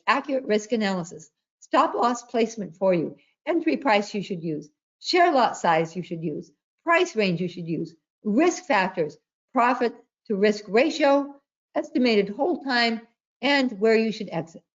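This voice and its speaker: An emphatic woman presents an online trading class, hammering her points home by repeating them. Her voice sits at an ordinary pitch. The audio is dull and lo-fi. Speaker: trading educator. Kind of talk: webinar presentation.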